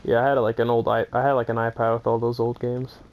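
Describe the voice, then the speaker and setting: A man's voice: medium pitch, monotone, quick pace, narrow, tinny audio, a crowd in the background. A young man chatting casually and joking crudely while playing a game with a friend. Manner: joking, crude, laughs often. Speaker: gamer. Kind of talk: casual chat over gameplay. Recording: game gunfire and engine noise behind.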